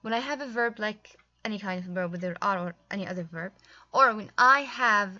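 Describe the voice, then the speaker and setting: A woman with a bright, forward voice walks through a grammar lesson, explaining each point patiently with small fillers along the way. The recording is slightly dull and lo-fi. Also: medium pitch, brisk. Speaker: English teacher.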